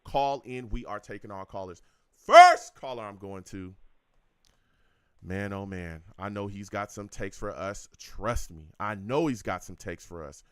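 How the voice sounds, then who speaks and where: A man's voice: fairly low pitch, normal speed, smooth, dry recording. A man hosting a sports call-in show, ranting in a heated, exasperated way and repeating himself. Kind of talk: live sports call-in radio rant.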